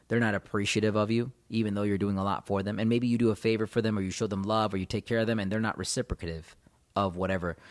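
A man giving motivational relationship advice straight to his viewers, emphatic and repeating his key points. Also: lowish voice. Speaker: relationship coach. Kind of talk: motivational advice talk to camera.

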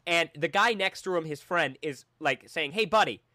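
Male podcast co-host, high voice, plain casual narrator. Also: moderate pace, sharp tone, dry recording, clean studio sound. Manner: narrates events plainly, laughs along. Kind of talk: casual storytelling and sponsor read.

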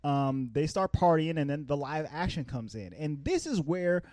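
A man's voice: fairly high pitch, very animated, moderate pace, a little mellow, dry recording, clean studio sound. A man co-hosting a casual film podcast, chatting loosely, laughing and slipping into goofy character voices. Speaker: podcast co-host. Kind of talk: casual movie-review chat.

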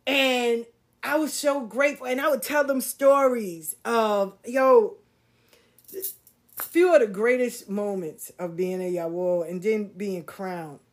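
A middle-aged woman telling a personal story, candid and animated, swearing casually and using slang. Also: fairly high pitch, takes it slowly. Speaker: podcast host.

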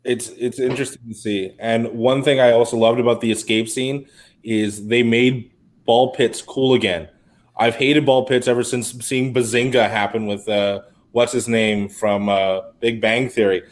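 A man's voice: mid-range voice, steady tone, normal speed. Rambling man chatting on a podcast. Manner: rambling, heavy use of "like". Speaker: podcast co-host. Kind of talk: casual podcast chat.

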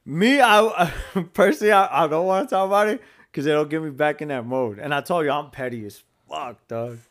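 A man's voice: on the high side, brisk, a bit bright. A man co-hosting a casual podcast, telling a story with lots of swearing, laughter and Spanish slang. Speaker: podcast co-host. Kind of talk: casual chat.

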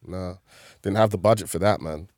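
A comedian chatting casually as a podcast guest, telling animated stories and laughing often. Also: male voice, low voice, moderate pace, no room sound, studio quality.

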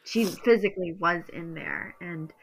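A woman's voice: on the low side, sing-song, measured pace, vocal fry, breathy edge, rough recording. A woman who is a podcast guest, comforting and upbeat in casual chat, laughing often.

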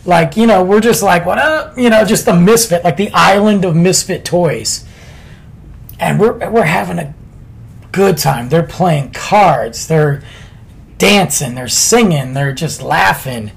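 Gravelly man telling a laid-back story. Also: sits high, a little slow. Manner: laid-back, chatty, slangy. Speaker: podcast storyteller. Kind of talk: casual storytelling.

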